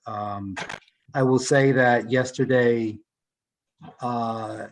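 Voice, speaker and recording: A man's voice: mid-range voice, a little slow, low-quality recording. A man speaks for the school district at a public meeting held over a call. His voice sits in a mid range. He sounds earnest and often repeats words before his sentences get going. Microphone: video call.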